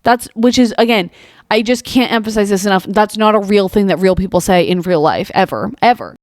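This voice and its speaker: A young woman hosts a comedic monologue, reacting to absurd posts with exasperated disbelief and rapid rhetorical questions. Her voice sits at a middling pitch and sounds close and dry, with no room around it. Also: dry recording. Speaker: podcast host. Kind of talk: comedic commentary reading posts aloud.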